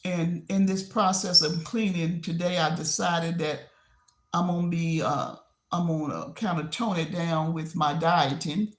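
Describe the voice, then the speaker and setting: A woman hosting a casual livestream from home while she clears her desk. She rambles and repeats herself, laughing often. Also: on the low side, fairly even intonation, a little slow. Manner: rambling and repetitive, with frequent laughs. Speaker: livestream host. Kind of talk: casual live-stream chat. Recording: roomy echo.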